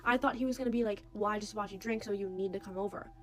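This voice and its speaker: A woman's voice: medium pitch, very fast, slight background noise. A young woman telling a story casually, full of "like" and acting out what others said. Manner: animated, quotes others' voices, many "like"s.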